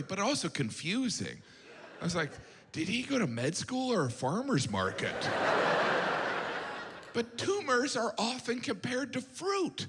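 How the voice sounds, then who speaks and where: A middle-aged male stand-up comic with a slightly raised voice that swings widely in pitch, delivering deadpan, self-mocking lines. His stage mic carries a long hall reverb over a loud background ambience. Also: slight background noise. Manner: deadpan, self-deprecating, dips into character voices. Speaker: stand-up comedian. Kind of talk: stand-up comedy set. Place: comedy theater stage.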